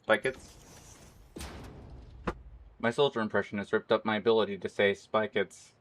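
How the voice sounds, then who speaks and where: A hoarse man streaming and chatting casually, rambling and laughing often. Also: lowish voice, fairly even intonation, moderate pace, a bit bright. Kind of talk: casual live-stream chat.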